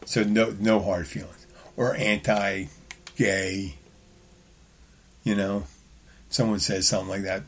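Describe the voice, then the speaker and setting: A man's voice: fairly low pitch, level tone, slow, pauses often, slightly rough. A man hosting a talk show, telling bar stories in a blunt, rambling, profane way with lots of restarts. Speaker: podcast host. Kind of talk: casual solo monologue.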